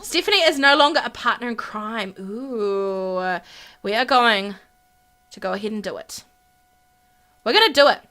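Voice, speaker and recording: A woman narrating her life-simulation game play in an animated way, gasping and exclaiming as she goes. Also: a little high, moderate pace, pauses often. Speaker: gaming YouTuber.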